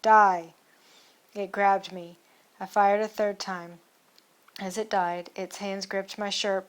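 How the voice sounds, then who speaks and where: A woman narrates an adventure novel in the first person, keeping her reading steady and measured. Her pitch sits mid-range and barely moves, giving the telling an even, level sound. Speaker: audiobook narrator.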